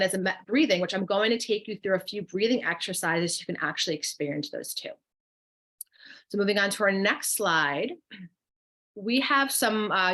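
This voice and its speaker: A woman's voice: mid-range voice, fairly bright tone. Woman coach, New Jersey accent, encouraging webinar host, mid-range voice, live chat read-outs. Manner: chatty, encouraging, guides breathing exercises. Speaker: wellness coach co-hosting a workshop.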